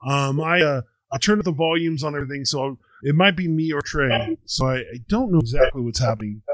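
A man's voice: on the high side, brisk, no room sound, low-quality recording. A man hosting a casual online chat show, rambling and chuckling as he talks. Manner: laid-back, chuckling, rambling. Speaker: podcast host.

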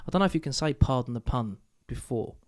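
Rowdy young man with a lively voice. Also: medium pitch, fast talker. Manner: swears freely, bursts into mock singing and laughter. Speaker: podcast co-host. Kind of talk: casual banter.

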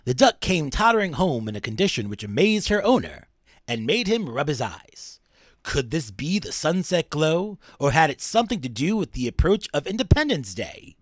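A man's voice: a little high, big pitch swings, moderate pace, dry recording, studio quality. A man putting on the voice of an old-time radio countdown host to read a quote aloud in a dramatic announcer style.

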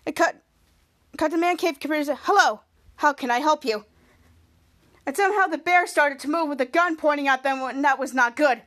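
High-voiced woman recapping a TV episode. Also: fairly bright tone. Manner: halting, repeats words and restarts while narrating scenes. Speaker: podcast host.

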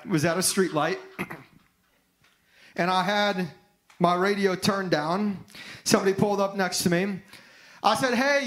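A man with a high, light voice delivers a sermon. His preaching is emphatic and grows fervent as he presses each point home. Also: a bit bright, rough recording. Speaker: pastor.

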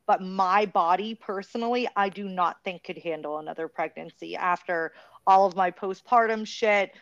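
Animated woman in her thirties, dull dry sound. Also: medium pitch, normal speed, dry recording. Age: 30s. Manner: animated, swears for emphasis. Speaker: podcast host. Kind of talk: casual podcast chat.

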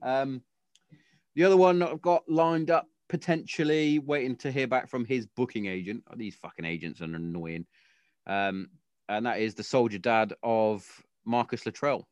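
In casual podcast talk from a garden shed at home, a man in his thirties spins jokey, blunt stories laced with swearing. His mid-range voice is smooth and moderately paced, and there's no echo.

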